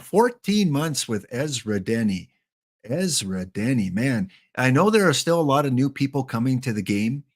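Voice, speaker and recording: Sex: man. Role: chatty game streamer. Style: casual live-stream talk. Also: mid-range voice. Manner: chatty, joking, addressing chat by name.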